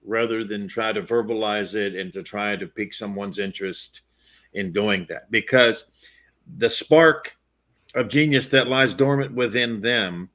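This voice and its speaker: Low-voiced man in the study group, reads aloud steadily, earnest. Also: measured pace, a bit bright. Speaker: class participant reading aloud. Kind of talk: reading a text aloud and commenting.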